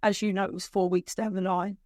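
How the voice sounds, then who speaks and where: A middle-aged woman, a guest on a podcast, telling her story emotionally, with halting restarts. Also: mid-range voice, level tone, darkish tone, no echo, studio quality. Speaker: guest, bereaved mother. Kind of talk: podcast conversation.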